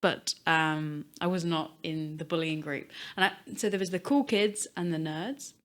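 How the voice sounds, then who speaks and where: A woman guesting on a podcast, speaking softly in casual chat and laughing easily. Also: deep voice, normal speed.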